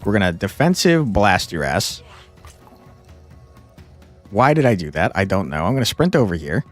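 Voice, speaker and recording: Male streamer, lively swooping voice, frustrated and profane, faint game music behind. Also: on the low side, normal speed. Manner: exasperated, swearing, laughing often. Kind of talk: casual gameplay commentary.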